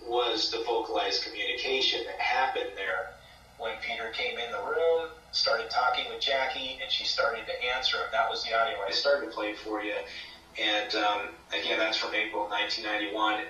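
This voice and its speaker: A man with a bright, tense voice recounts a ghost investigation as a talk-show guest. He rambles and acts out the voices he quotes. The sound is echoey with a little music in the background. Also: on the low side, steady tone, moderate pace, distant mic. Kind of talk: casual interview storytelling.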